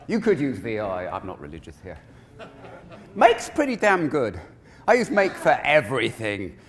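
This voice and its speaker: Animated man giving a keynote in a hall. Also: medium pitch, normal speed. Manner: animated, conversational, digressive. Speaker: keynote speaker. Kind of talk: conference keynote talk. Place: large conference hall. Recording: long reverb of a conference hall.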